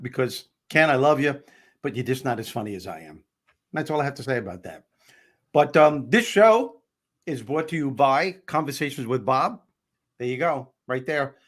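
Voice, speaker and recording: A man's voice: mid-range voice, fairly bright tone. A man hosting a live comedic talk show, upbeat and bantering with his co-hosts and viewers. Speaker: host. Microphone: headset.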